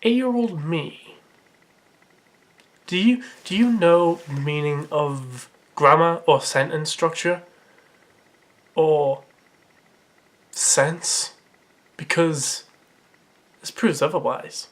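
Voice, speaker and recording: A man's voice: fairly high pitch, takes it slowly, long pauses. A man reads his childhood story aloud as comedy. He keeps interrupting himself with sarcastic, mocking remarks and laughs at the writing. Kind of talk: comedic dramatic reading with commentary.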